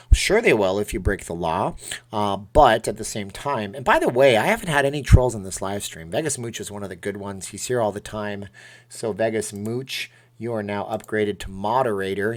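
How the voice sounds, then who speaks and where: A middle-aged man casually chatting on a live stream, reading out donor names and rambling through asides. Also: fairly low pitch.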